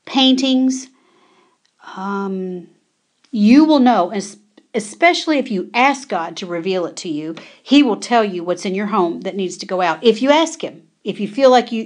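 Urgent commanding woman preacher. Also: on the high side. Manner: urgent, commanding, repeats orders; rhetorical questions to listeners. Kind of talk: prophetic warning sermon.

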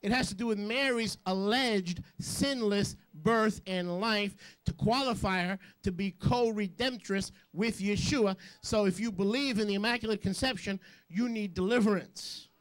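High-voiced male preacher. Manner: jokey, rapid asides, call-and-response questions. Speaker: rabbi and preacher. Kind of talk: sermon to a congregation.

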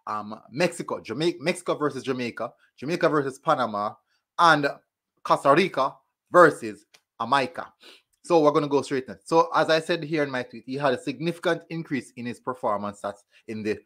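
A man's voice: mid-range voice, fairly bright tone. A man hosting his own football fan channel, chatting casually, laughing at himself and repeating phrases as he tests his desk mic. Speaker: sports channel host. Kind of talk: casual football video commentary. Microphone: desk mic being tested.

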